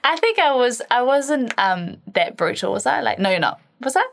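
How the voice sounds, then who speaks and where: A woman's voice: on the high side, very animated, moderate pace, vocal fry. A woman co-hosting a casual podcast, telling a story with lots of laughter and casual swearing. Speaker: podcast co-host. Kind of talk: casual chat.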